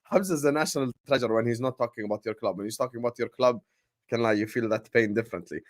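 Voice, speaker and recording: A man's voice: mid-range voice, quick pace. A man hosting a live-streamed football show, reading viewer messages aloud and hyping up the chat. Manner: upbeat, gives shout-outs to viewers and hypes the chat. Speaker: host.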